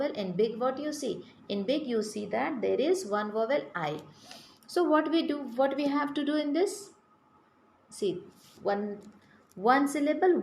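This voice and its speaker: A woman's voice: fairly high pitch, darkish tone. A woman teaching a grammar lesson to children, spelling words out letter by letter and asking the class questions. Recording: echoey room with faint background noise.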